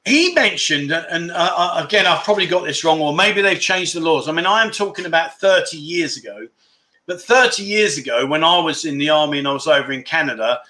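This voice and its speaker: Chatty livestream host, bright voice. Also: male voice, a little high, lively intonation, brisk. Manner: chatty, rambling, reads out viewer messages and tells anecdotes. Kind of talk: casual livestream chat reading viewer comments.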